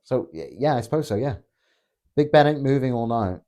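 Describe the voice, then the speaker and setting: Blunt, sweary man with a mellow voice. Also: medium pitch, sing-song, a little fast. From Britain. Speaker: political streamer reading chat. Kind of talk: casual live-stream chat.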